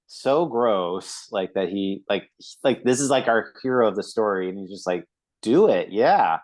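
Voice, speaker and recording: A man's voice: lowish voice, normal speed, rough recording. A man co-hosting a movie review podcast, talking casually with many fillers and acting out quoted lines. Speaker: podcast co-host.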